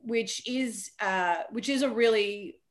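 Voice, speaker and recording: A woman's voice: on the high side, slow pace. A woman author talking casually as a podcast guest, chatty and self-deprecating, with frequent fillers and restarts.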